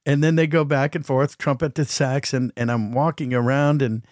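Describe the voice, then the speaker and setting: A man hosting a podcast, telling a story in a casual, animated way and acting out what people said. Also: medium pitch, moderate pace, dry recording, clean studio sound. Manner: animated, acts out quotes, chuckles. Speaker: podcast host.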